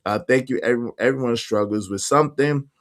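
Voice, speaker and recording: Animated man hosting a live chat. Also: mid-range voice, fairly quick. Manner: animated, laughs often, slangy and emphatic. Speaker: livestream host reading viewer comments. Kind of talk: casual chat.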